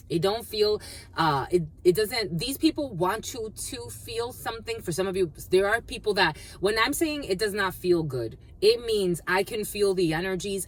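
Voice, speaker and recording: A woman giving a collective tarot reading, rambling and free-associating, repeating phrases and swearing freely. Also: medium pitch. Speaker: tarot card reader.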